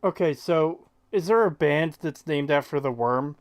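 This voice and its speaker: Podcast co-host, casual chat, sarcastic, quizzical, swears, middle pitch. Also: unhurried.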